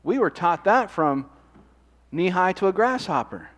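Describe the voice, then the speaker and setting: A man's voice: high voice, very animated, measured pace, in a large hall. A man preaching a sermon in a conversational way, often asking the congregation questions. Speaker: pastor.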